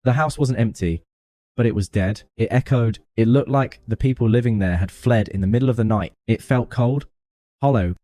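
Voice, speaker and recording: A man narrating a first-person story in a calm, even, scripted delivery. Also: mid-range voice, moderate pace, dry recording.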